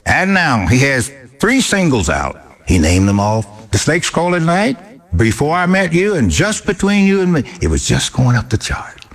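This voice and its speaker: Older man, husky and gravelly, colloquial storyteller with a lively swing in his pitch; fits an interview guest recalling old days. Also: normal speed. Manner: animated storyteller, colloquial, voices the people he quotes. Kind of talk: anecdotal storytelling.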